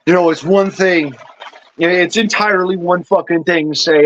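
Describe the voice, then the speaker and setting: A man's voice: sits high, fairly even intonation, normal speed, dull audio, a little hiss or hum. An injured veteran, a man who has had a couple of beers, ranting furiously and profanely into his cell phone, stammering over his restarts. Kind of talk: angry vlog rant.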